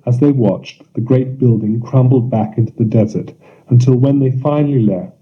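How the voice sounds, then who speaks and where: A man narrating surreal fiction in a measured, deliberate audiobook reading. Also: mid-range voice. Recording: dull lo-fi recording.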